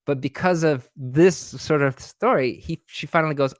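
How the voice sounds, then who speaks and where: Brief: male guest speaker, casual and lively, voices the people in his story, dry close sound. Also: moderate pace, hardly any pauses, no room sound. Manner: animated, acts out dialogue with pitch jumps; many fillers and restarts. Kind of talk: conversational webinar storytelling.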